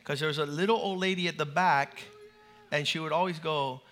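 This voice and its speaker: Male preacher, high voice, bright tone, animated, lively sermon in a church. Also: fairly quick. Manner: animated, playful, acts out church responses. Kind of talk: lively sermon with congregation call-and-response. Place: church sanctuary before a large congregation.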